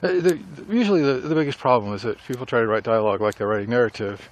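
A man's voice: medium pitch, fast. Rambling middle-aged man musing on writing. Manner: rambling, reflective. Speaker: writer vlogger. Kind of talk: casual talk while walking.

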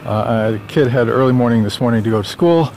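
A man's voice: medium pitch, brisk, a little mellow, slight background noise. A man talking casually while out walking, chatty and rambling, a bit out of breath. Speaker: author vlogging on a walk. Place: outdoors on a sunny suburban street.

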